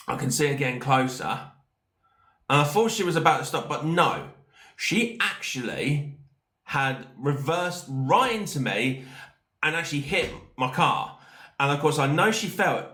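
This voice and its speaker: A man's voice: medium pitch, sharp tone. A man hosting a podcast, telling a story casually with many fillers and restarts. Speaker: podcast host. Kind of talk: casual storytelling while reading chat. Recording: echoey room.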